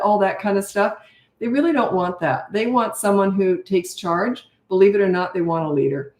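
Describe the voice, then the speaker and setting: Her lowish, slightly mellow voice has lively intonation at a normal speed. During a live Q&A, the middle-aged parenting coach responds bluntly to viewer comments, adding "okay?" or "right?" often, in an echoey room.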